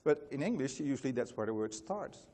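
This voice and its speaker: A man's voice: medium pitch, sing-song, a little fast, mellow, big-room sound. A man with a Dutch accent, a native Dutch speaker, giving a casual, chatty conference talk full of fillers. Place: large conference hall.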